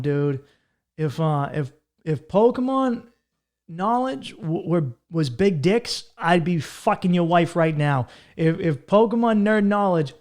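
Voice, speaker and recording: A man, hosting a solo comedy podcast, ranting in a profane, fast-talking way and jumping into mocking voices. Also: on the high side, darkish tone. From Massachusetts. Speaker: podcast host.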